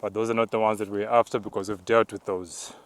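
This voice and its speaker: An apostle with a low voice narrates a spiritual walk while climbing an outdoor mountain path. He speaks calmly and deliberately, occasionally breaking into tongues, and his pitch stays fairly flat.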